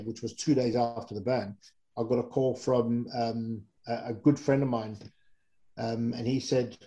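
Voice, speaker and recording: A middle-aged man from England with a warm, mellow voice spins loose, rambling stories as an interview guest. He wanders through fillers and self-corrections in an easygoing, conversational way. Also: mid-range voice, poor audio. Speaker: guest, former rugby player. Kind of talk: casual anecdotal storytelling.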